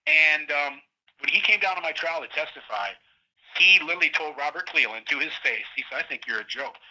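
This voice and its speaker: A middle-aged man calling in as a guest, telling a long story in a rambling, animated way and acting out what others said. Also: fairly high pitch, fairly quick. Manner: rambling, animated retelling with quoted voices. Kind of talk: casual storytelling interview. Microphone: phone line. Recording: tinny prison phone line.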